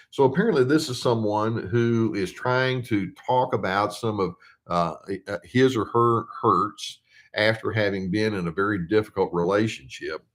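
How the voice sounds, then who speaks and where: An older man with a lowish voice talks through viewer questions as a therapist. His delivery is conversational and easygoing, full of ums, uhs and restarted phrases, and he slows right down when he reads a question aloud. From United States. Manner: conversational, with frequent fillers and restarts. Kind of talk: casual explanatory talk.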